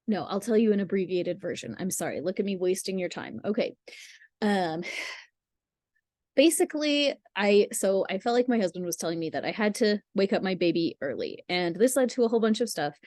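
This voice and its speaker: A woman coaching listeners through emotional healing and a guided visualization, in a casual, rambling way with restarts and soft laughs. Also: medium pitch, no echo, clean studio sound. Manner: rambling, restarts and apologizes for digressions.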